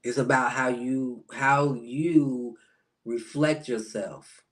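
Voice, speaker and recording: A chatty man in a casual live-stream astrology talk. He answers viewers by name and acts out the reactions he quotes. His voice sits at an ordinary middle pitch. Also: fairly even intonation, slow. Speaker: spiritual life coach.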